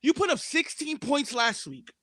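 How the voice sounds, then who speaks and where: A man's voice: extremely high pitch, big pitch swings, normal speed, sharp tone, no echo, studio quality. A man co-hosting a sports betting podcast, talking emphatically and repeating himself as he makes his case to listeners. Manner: emphatic, repetitive, addresses listeners as "people". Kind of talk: casual sports betting chat.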